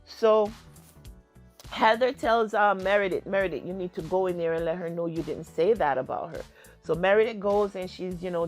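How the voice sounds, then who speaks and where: A woman casually retelling a reality TV episode, acting out the quoted lines with lots of fillers. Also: mid-range voice. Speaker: TV recap vlogger.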